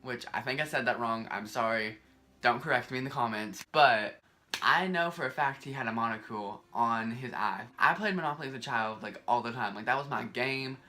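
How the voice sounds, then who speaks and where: Bright-voiced young man vlogging. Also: mid-range voice, normal speed, faint music behind. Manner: exasperated, animated, rambling with frequent "like". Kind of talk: casual vlog countdown.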